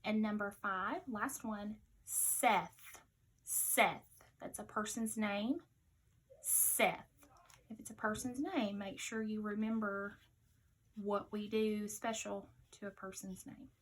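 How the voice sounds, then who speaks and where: A woman teacher giving a slow spelling dictation to young children, patiently repeating each word with care. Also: medium pitch, flat delivery, poor audio.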